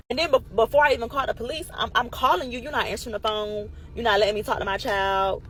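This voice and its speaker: A woman telling a casual storytime monologue in an animated, emphatic way, swearing freely and calling her listeners y'all. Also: fairly high pitch, fast, few pauses, slight background noise, poor audio.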